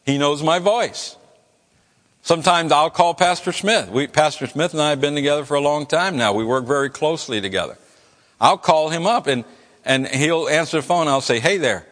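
A man's voice: on the high side, animated, moderate pace, fairly bright tone, long reverb tail. A man preaching a sermon in church, earnest, often repeating words as he builds each point.

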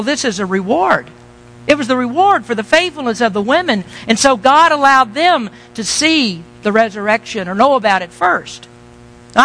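High, bright-voiced preacher teasing his congregation. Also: low-quality recording. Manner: conversational, asks the congregation questions, teasing asides. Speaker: pastor. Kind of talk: sermon.

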